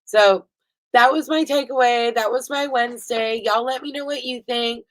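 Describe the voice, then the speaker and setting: A woman in her thirties chatting casually as a vlogger recapping a reality TV episode, gushing and swearing freely, laughing often, a little high. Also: moderate pace, low-quality recording. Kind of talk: casual chat.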